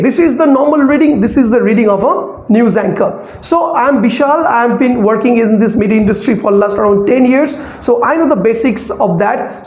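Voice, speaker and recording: A man's voice: very high-pitched, darkish tone, reverberant, poor audio. A man teaching the basics of news reading in a spoken tutorial, stressing words and repeating his points to drive them home.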